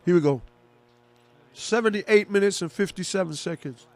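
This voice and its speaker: A man giving casual live football commentary and reaction as a fan, chatty and excitable, rooting for one side. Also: sits high, normal speed.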